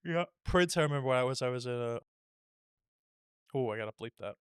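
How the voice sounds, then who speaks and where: A man's voice: medium pitch, a little fast, clear, resonant tone, no echo. A man hosting a podcast in casual, profane, rambling banter, often talking over his co-host into a close mic.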